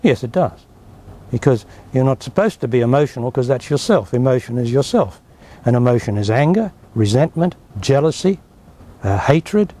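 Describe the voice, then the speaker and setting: A man's voice: mid-range voice, animated, normal speed, mellow. A man with an Australian accent, a spiritual teacher giving emphatic, blunt answers in an interview. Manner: emphatic, blunt, dismissive of objections.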